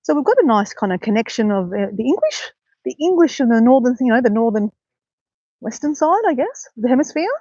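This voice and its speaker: A woman's voice: a little high, animated, fairly quick, mellow, no echo, lo-fi sound. A woman hosting a casual live stream outdoors by a bay, chatting to viewers in an upbeat way. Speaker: livestream host. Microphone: handheld phone.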